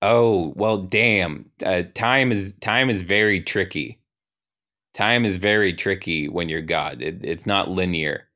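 A man's voice: low voice, slow, sharp tone, full character voice. A man voicing a goofy, clumsy male God who rambles and makes excuses when he gets things wrong. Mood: flustered. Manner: rambling, flustered, self-excusing.

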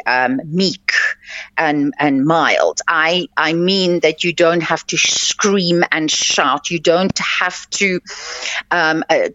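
A woman's voice: fairly low pitch, a bit bright, no echo. A woman hosting a radio coaching show, giving earnest advice and repeating her points for emphasis. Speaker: life coach and radio host. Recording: dull lo-fi, dry sound.

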